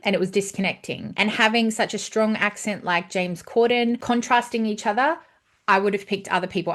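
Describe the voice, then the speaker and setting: A woman's voice: medium pitch, a bit bright. A woman in her thirties giving a blunt, ranting movie review who swears freely. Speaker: film reviewer. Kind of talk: casual spoken movie review.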